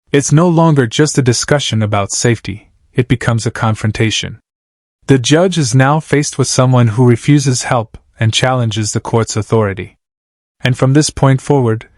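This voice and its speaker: A man's voice: medium pitch, a little mellow, no echo, clean studio sound. A man narrating a court case video in a dramatic, suspense-building tone. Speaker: host and narrator. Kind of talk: scripted narration.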